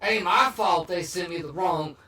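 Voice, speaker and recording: High-voiced joking man, echoey room. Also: normal speed, distant mic, a crowd in the background. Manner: deadpan dark jokes, swears casually. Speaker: podcast guest. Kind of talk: casual chat.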